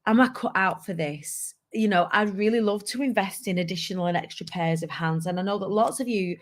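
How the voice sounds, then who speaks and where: Candid mum talking to camera. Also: female voice, medium pitch, a little fast. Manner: candid, rambling, expressive. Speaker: business owner and online community host. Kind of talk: casual to-camera talk.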